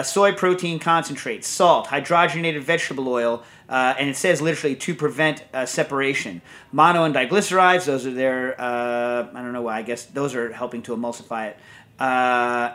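A man's voice: mid-range voice, a bit bright. A man hosting a podcast in casual chat, telling loose, rambling stories and answering listener questions. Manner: rambling, storytelling, loose and chatty. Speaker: podcast host.

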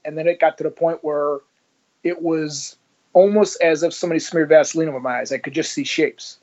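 A man's voice: a little high, lo-fi sound. A man, a former police officer, being interviewed and telling his story in a conversational way, acting out the dialogue. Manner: animated, acts out dialogue in his stories.

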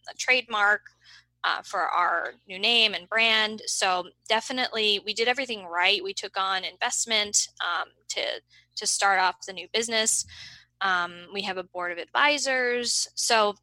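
A woman in her thirties talking as an interview guest in a friendly, relaxed way, with frequent ums and easy laughter. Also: mid-range voice, normal speed, no echo, low-quality recording. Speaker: podcast guest, marketing agency co-founder. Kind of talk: casual interview conversation.

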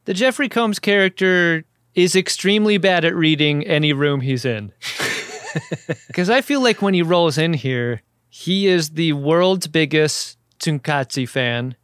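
A man's voice: fairly high pitch, expressive, measured pace, fairly bright tone, clean tone, no echo, clean studio sound. A man co-hosting a podcast, recapping an episode in casual chat with wry jokes. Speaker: podcast co-host.

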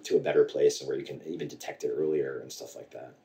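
A man guest telling a personal story in a halting way, with many restarts and quoted dialogue. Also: rumbling low, steady tone, warm tone. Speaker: podcast guest. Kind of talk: candid storytelling conversation. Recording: echoey room, voice from a distance.

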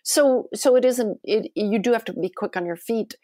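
A woman's voice: fairly high pitch, moderate pace, no echo. Chatty woman cookbook author, dry sound. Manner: chatty, expressive, enthusiastic storytelling. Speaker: cookbook author and cooking teacher. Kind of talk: podcast interview.

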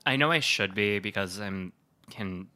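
A man's voice: lowish voice, expressive, unhurried, pushed and bright, clean tone. A man co-hosting a casual podcast, telling stories and ranting jokily. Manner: ranting, storytelling, jokey. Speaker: podcast co-host. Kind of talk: casual chat.

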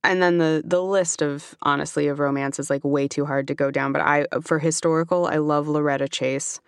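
A woman talks quickly and chattily as an interview guest, her voice smooth and resonant. The sound is dry and close, with no room around it. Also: low voice, fairly even intonation, no room sound. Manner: chatty, quick, lots of fillers. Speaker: audiobook narrator and author, guest. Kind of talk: casual interview chat.

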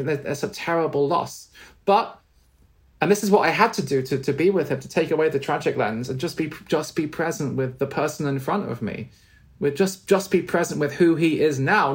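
A man's voice: a little high, animated, brisk. A middle-aged man, a spiritual teacher, tells a personal story in an interview, earnest and tender, often restarting and repeating his words.

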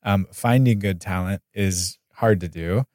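Low-voiced American man hosting a podcast. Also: a little slow, a little mellow, no room sound, clean studio sound. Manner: rambling, many fillers and restarts. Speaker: podcast host. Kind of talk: casual interview chat.

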